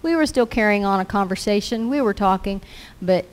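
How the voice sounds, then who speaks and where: A woman's voice: medium pitch, a little fast, smooth. Earnest woman preaching a sermon. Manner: earnest, repeats scripture lines as declarations.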